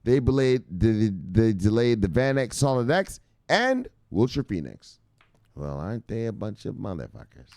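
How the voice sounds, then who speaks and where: A man hosting a crypto news show, ranting with heavy swearing, jumping between loud outbursts and low mutters. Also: big pitch swings, normal speed, vocal fry. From United States. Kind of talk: profane animated ranting commentary.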